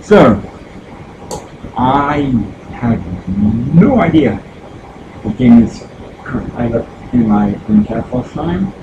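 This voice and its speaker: A man chats slowly through a home live stream, drifting between thoughts with many pauses and restarts. His pitch sits in a plain middle range. A steady hum of fans and room noise carries clearly under his voice. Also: dull audio. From United States. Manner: rambling, halting, many fillers and restarts. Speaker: gaming streamer. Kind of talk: casual live-stream chat.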